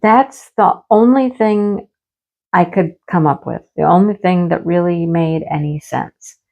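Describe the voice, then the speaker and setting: A middle-aged woman in a casual home-office chat, telling stories in a chatty, animated way. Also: fairly low pitch, measured pace, creaky, phone-quality sound. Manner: chatty, storytelling, animated exclamations. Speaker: craft vlogger.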